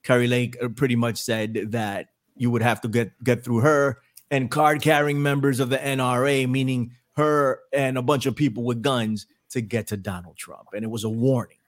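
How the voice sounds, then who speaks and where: A man's voice: mid-range voice, fairly even intonation, moderate pace. A middle-aged man hosting a casual political podcast, rambling with restarts and wry asides. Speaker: podcast host.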